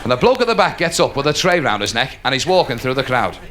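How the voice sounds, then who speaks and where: A man doing a live stand-up comedy routine, telling stories animatedly and dropping into quick put-on voices. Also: medium pitch, very animated, fairly bright tone, a faint crowd. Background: audience laughter.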